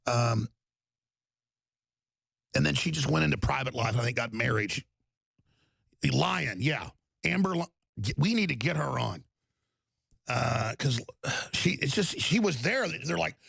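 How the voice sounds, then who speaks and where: A man hosting a talk show, delivering an angry, insulting rant that breaks into shouting. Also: high-pitched, vocal fry, no echo, clean studio sound. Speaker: talk radio host. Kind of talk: ranting talk show monologue.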